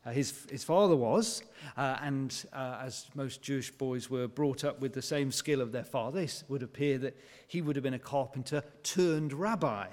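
A man preaching in a church, his speech set in a long, echoing church reverb. His voice is mid-pitched, and he talks in a chatty, conversational way, leaning on rhetorical questions and filling his pauses with "uh" and "um.". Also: a little mellow. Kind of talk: sermon.

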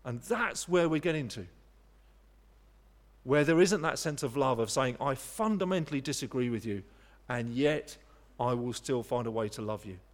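A man's voice: medium pitch, lively intonation, moderate pace, long reverb tail. A man preaching a sermon in an earnest, conversational way, with frequent restarts. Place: church.

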